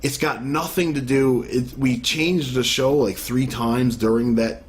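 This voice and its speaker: A man co-hosting a podcast in casual chat, joking and giving a playful sales pitch. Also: fairly even intonation, a little slow. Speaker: podcast co-host.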